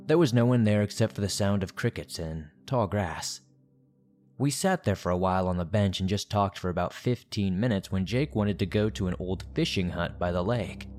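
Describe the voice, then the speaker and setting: Male horror narrator, lowish voice, steady scripted reading, faint music under.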